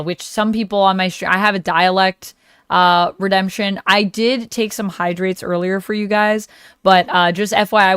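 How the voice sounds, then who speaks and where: A woman's voice: mid-range voice, clear, resonant tone, no room sound, clean studio sound. A woman hosting a livestream in casual, chatty talk, laughing easily as she goes. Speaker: livestream host. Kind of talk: casual chat.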